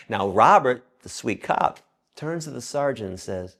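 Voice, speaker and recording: A man's voice: medium pitch, a little fast, vocal fry. A man being interviewed, telling a story and acting out the voices of the people in it. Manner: animated storyteller, acts out quoted voices. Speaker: interview guest.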